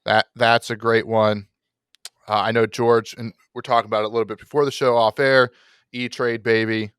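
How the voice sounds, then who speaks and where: A man's voice: mid-range voice, little pitch movement, moderate pace, a bit bright, clear, resonant tone, no room sound, studio quality. A man co-hosting a football podcast, chatting eagerly and often tripping over his words. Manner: enthusiastic, stumbling over words. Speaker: podcast co-host. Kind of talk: casual chat.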